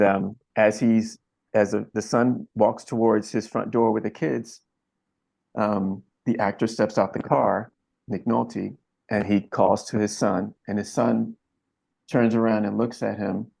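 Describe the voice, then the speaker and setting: A man from Philadelphia, a camera operator being interviewed, telling a story in an earnest, reflective way and pausing often. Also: lowish voice, flat delivery, gravelly, darkish tone. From Philadelphia, USA.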